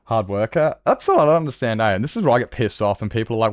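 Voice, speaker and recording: A man's voice: lowish voice, animated, very fast, few pauses, dry recording, studio quality. A young Australian man chatting casually on a game stream, blunt and rambling, swearing freely as he talks to his viewers. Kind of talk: casual live-stream chat.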